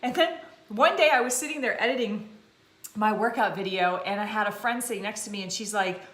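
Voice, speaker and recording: A woman in her forties, a fitness vlogger chatting casually to her viewers, slightly froggy and hoarse, self-deprecating and quick to laugh. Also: medium pitch, a bit bright. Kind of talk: casual chat to camera. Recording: echoey room.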